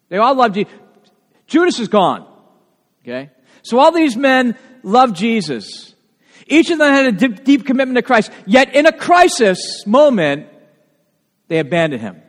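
A male pastor preaching a sermon in a church, animated and emphatic, with frequent asides to the congregation. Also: extremely high pitch. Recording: long reverb of a large hall.

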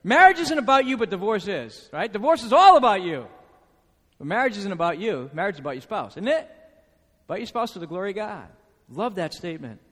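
A man's voice: high voice, big pitch swings, brisk, a bit bright. A man preaching a sermon to his congregation, emphatic, repeating key phrases and asking the room questions. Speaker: pastor. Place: church sanctuary. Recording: reverberant church hall.

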